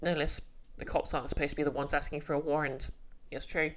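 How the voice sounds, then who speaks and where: Very low-voiced joking woman streamer. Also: little pitch movement, quick pace, noisy background. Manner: joking, self-deprecating. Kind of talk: casual game commentary. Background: game music.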